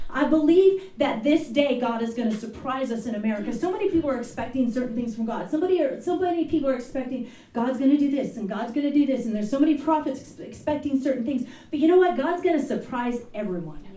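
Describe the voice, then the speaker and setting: A woman's voice: high voice, dark tone. A woman elder preaching a fervent, exhorting sermon at a church fellowship service. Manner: fervent, exhorting, rising to urgent bursts. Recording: echoey room, voice from far off.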